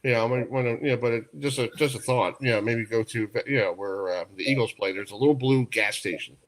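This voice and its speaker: Animated man telling radio stories. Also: mid-range voice, fast talker. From New York. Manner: storytelling, animated, laughs often. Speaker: radio sports talk host. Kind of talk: casual radio chat.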